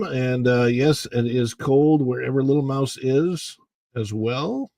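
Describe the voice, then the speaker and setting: A man hosting a casual livestream, chatting and reading viewer comments while his voice is hoarse from the morning and he keeps clearing his throat. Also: mid-range voice, slow pace, dark tone, no room sound. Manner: rambling, chatty, greets viewers by name. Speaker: livestream host.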